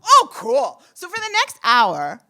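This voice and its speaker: A woman in her forties telling a personal story on stage, lively, acting out the voices she quotes. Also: sits high, takes it slowly. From United States. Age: 40s. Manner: animated, acts out quoted voices.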